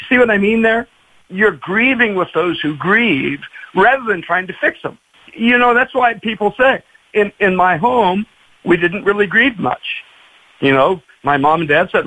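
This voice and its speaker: A man speaks as a pastor guest on a radio show, telling stories and acting out the quotes. His voice sits high and swings widely in pitch. It has a husky edge. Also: normal speed, poor audio. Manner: animated, acts out quoted voices. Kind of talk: storytelling on a radio talk show.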